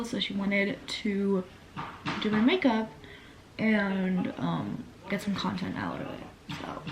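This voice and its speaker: A young woman talks through her day in a loose, chatty vlog, still carrying a morning voice. Her speech at a middle pitch is full of "like" and "literally." The home recording has clear background noise. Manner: chatty, filler-heavy with frequent "like" and "literally". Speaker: lifestyle vlogger. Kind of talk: casual vlog chat to camera. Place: at home, bedroom.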